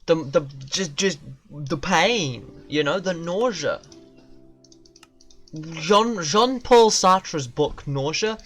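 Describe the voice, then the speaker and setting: A young man talks through his video game session in a casual, meandering way, peppered with swearing and odd philosophical asides. His voice sits a bit high for a man. He takes his time, drawing out his words. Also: animated, slow, pauses often, fairly bright tone, faint music behind. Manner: rambling, profane, absurdist musings. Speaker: game streamer. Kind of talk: casual gaming commentary.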